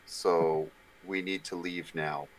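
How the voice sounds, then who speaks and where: A man's voice: low-pitched, fairly even intonation, slow pace, a crowd in the background, low-quality recording. A man playing a tabletop game, speaking in a dry, matter-of-fact way. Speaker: player. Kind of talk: casual tabletop role-play.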